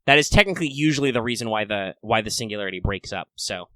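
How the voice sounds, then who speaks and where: A man co-hosting a casual fan podcast, talking in a chatty, playful, upbeat way with excited asides. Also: lowish voice, quick pace, no echo. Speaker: podcast co-host.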